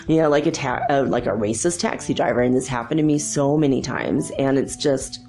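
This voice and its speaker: A woman's voice: extremely low pitch, normal speed, dark tone, faint music behind. A middle-aged woman hosting a spiritual podcast, chatting and rambling through stories and laughing often. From United States. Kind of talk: casual spiritual talk.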